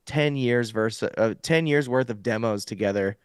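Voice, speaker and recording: A young adult man appears as a guest musician in a casual interview, relaxed and explaining things in detail with lots of fillers. His mid-range voice is smooth at a moderate pace, captured in a dry, studio-quality recording.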